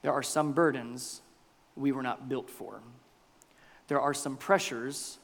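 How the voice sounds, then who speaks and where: A man preaching a sermon as pastor, swinging between loud bursts and near-whispers. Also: medium pitch, slow, vocal fry, in a large hall. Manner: animated preaching with big swings in loudness, dropping to near-whispers.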